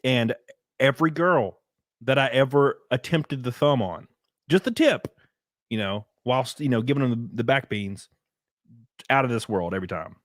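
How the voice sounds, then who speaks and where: A man's voice: mid-range voice, normal speed, no room sound, studio quality. A man hosting a podcast, chatting in a rambling, crude way and laughing easily. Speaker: podcast host. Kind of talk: raunchy casual chat.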